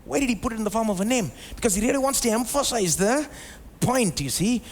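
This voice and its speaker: High-voiced pastor preaching. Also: male voice, lively intonation, fast, a little hiss or hum. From India. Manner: conversational preaching, many rhetorical questions and "you know". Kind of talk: live sermon. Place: church service before a congregation.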